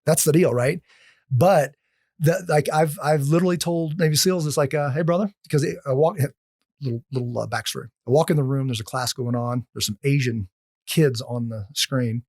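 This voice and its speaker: A man on a podcast as a guest, telling casual stories in an animated way, often restarting his sentences. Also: mid-range voice, normal speed, no room sound, studio quality. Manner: animated, acts out quoted lines, frequent restarts. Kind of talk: casual storytelling.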